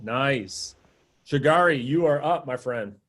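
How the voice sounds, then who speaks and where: A man's voice: mid-range voice, expressive, fairly bright tone. Upbeat male coach on a video call. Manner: upbeat, quick praise and cues. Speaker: sales coach. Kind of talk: live group coaching call.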